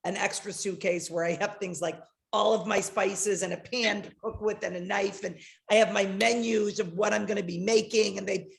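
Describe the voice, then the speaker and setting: Brief: middle-aged woman host, gravelly fry in the voice, eager and encouraging, video-call audio. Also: medium pitch, fairly even intonation, moderate pace. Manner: enthusiastic, affirming. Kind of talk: casual conversation.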